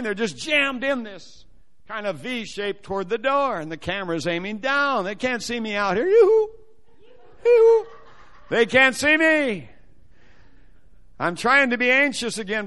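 A man telling a personal testimony as a sermon, animated and acting out the voices of the people in his story. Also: sits high.

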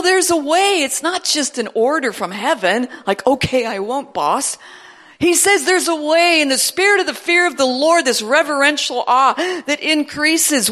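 A woman preaching a sermon in a church service, animated and building to emphatic declarations. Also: high voice.

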